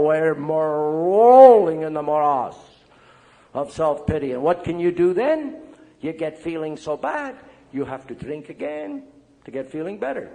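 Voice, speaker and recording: Older male priest, AA talk, high voice, lively storyteller. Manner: checks in with the crowd with "right?" and "eh?". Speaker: AA speaker and priest. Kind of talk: recovery meeting talk to an audience.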